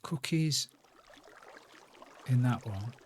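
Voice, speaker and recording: A man's voice: mid-range voice, extremely slow, husky. A man chatting casually on a live game stream, rambling to himself and greeting viewers by name. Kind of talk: casual live-stream chat while playing.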